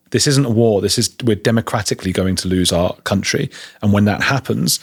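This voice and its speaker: Deep-voiced guy hosting a politics chat, rapid earnest talk, dry close sound. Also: vocal fry, husky, no echo. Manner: rapid, earnest, with quoted asides. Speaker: podcast host. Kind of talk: casual political discussion.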